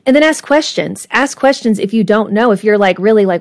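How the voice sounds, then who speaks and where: A woman's voice: mid-range voice, animated, fairly quick. Brief: woman guest counselor, mid-range voice, earnest and conversational. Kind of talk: conversational interview.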